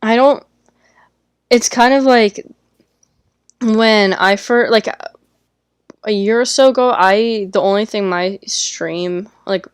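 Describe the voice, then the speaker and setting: A woman co-hosting a casual podcast, speaking out bluntly and plainly. Her voice is smooth and clear at a middle pitch. The room sound is dry. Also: dry recording. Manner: blunt, outspoken. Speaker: podcast co-host, streamer. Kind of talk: casual chat.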